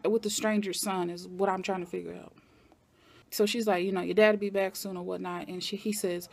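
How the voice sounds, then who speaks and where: Animated woman recapping a TV episode. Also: mid-range voice, normal speed, creaky, a little hiss or hum. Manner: animated, talks back at the characters. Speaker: TV recap vlogger.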